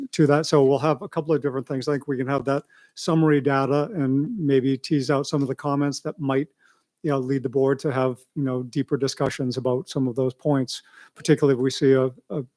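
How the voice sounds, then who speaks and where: A man's voice: medium pitch, a little mellow. A man giving a rambling, conversational report at a school board meeting as a school administrator. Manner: rambling, conversational, many asides.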